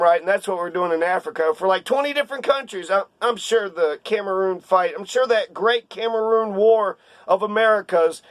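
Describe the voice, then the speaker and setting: A man's voice: high-pitched, dry recording. A man ranting in casual political commentary, heated and sarcastic, on a close dry mic.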